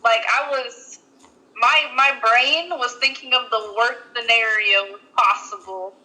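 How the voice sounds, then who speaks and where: A woman's voice: fairly high pitch, steady tone, takes it slowly, sharp tone, low-quality recording. A young adult woman co-hosting a podcast, telling a story casually and rambling with lots of "like" fillers and restarts. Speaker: podcast co-host.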